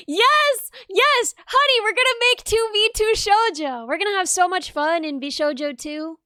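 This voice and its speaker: A woman streamer chatting casually on a livestream, bubbly and excitable, quick to laugh. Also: extremely high pitch, no echo, studio quality.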